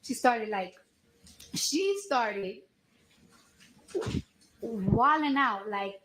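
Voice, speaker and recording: A woman testifying as a witness, retelling events in a lively, slangy way with acted-out quotes. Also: high-pitched, measured pace, long pauses. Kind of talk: courtroom testimony, storytelling. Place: echoey courtroom. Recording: echoey courtroom with faint noise.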